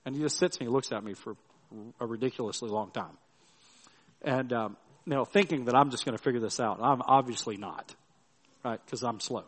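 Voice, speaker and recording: A middle-aged man preaches at an ordinary pitch, telling stories casually, restarting phrases and checking in with his listeners. His voice carries a long reverb that rings through a church hall. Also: fairly quick, husky. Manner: conversational storytelling with restarts and tag questions. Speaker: pastor. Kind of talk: sermon.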